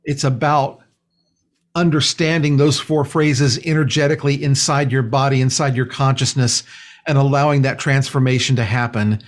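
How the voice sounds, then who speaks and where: A man speaking as a guest, explaining a spiritual practice in a calm, slow, earnest way. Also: medium pitch. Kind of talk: spiritual teaching in conversation.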